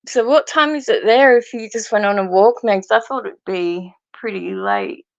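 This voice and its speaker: Slow-talking sick woman with a gravelly voice. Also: on the high side, no echo, muffled recording. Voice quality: rough, gravelly voice. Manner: slow, easygoing, laughs often. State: sick with a cold. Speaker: friend on a call. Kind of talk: casual chat.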